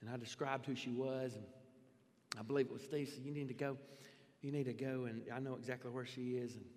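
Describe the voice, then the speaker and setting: A man preaches his testimony in an animated storytelling way, his voice leaping upward at the dramatic moments. His voice sits at a middling pitch. It rings with the long reverb of a large church hall. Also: brisk. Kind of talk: sermon testimony.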